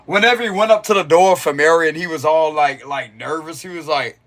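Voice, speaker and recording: A man's voice: fairly high pitch, a little fast, fairly bright tone. A young man giving a casual, rambling spiritual reading on a livestream and chatting loosely with his viewers, laughing often as he goes.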